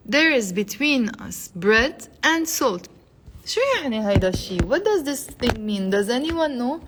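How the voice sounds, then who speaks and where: Higher-voiced woman teaching a live lesson. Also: animated, fairly bright tone. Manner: repeats phrases slowly, coaxes viewers to say them aloud. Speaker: Arabic teacher. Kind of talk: live online language lesson.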